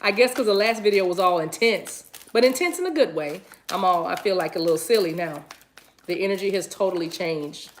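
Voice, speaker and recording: A woman's voice: fairly low pitch, animated, a little fast, slight background noise. A woman giving a casual livestream tarot reading, chatty and playful, laughing easily. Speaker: tarot reader.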